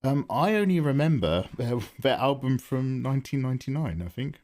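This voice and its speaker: A man's voice: mid-range voice, sing-song, moderate pace, a little mellow. A man chatting casually on a live stream while he draws, thinking aloud and greeting viewers by name. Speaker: livestreaming artist.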